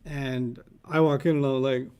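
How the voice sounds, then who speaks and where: A man's voice: mid-range voice, flat delivery, moderate pace, dark tone, clear, resonant tone. A man teaching Arabic vocabulary in a casual class, quizzing students and telling humorous stories.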